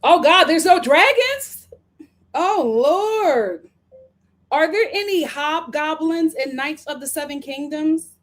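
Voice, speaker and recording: Woman streamer, high voice, animated, chatty, playful live commentary. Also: slow. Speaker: live-stream host reading viewer comments. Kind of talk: casual live-stream chat.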